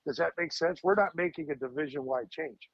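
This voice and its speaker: A man's voice: on the high side, fairly quick, creaky, no echo, highs cut off. A man in his fifties, a fire lieutenant guest on a podcast, talking emphatically, repeating words and firing off rhetorical questions. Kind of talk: podcast interview.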